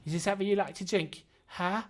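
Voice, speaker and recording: Dude doing a young barmaid, all eager and fussy, lots of questions. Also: male voice, high voice, steady tone, fast, voice pushed up, lightly acted.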